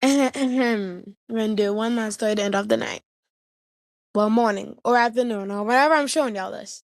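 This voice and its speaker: Chatty higher-voiced woman telling stories. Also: normal speed, vocal fry, no echo, clean studio sound. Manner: chatty, slangy, jumps back to the point often. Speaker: vlogger. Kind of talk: casual storytelling to camera.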